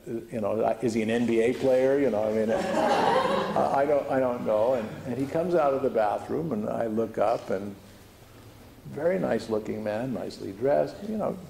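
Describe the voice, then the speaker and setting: A man with a gravelly, mellow voice tells a story to a gathering, rambling along with fillers and false starts. The sound is roomy and echoey. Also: medium pitch, moderate pace, slight background noise. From United States. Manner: chatty, many fillers and restarts. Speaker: spiritual teacher. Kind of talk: storytelling talk to a group. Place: hall with audience. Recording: echoey room recording.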